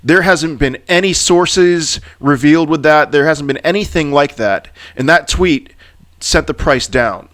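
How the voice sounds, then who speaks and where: A man with a fairly high voice rants about the market in a vlog, animated and exasperated. He tends to repeat himself as he works up steam. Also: measured pace. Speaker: crypto YouTuber.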